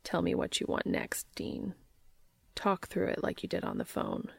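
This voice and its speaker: A deep, gravelly-voiced serious man, as a woman reads him aloud, speaking low, slow and deliberate. His tone stays earnest and tender, in a dry, close reading. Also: wildly swooping pitch, no room sound, exaggerated voice.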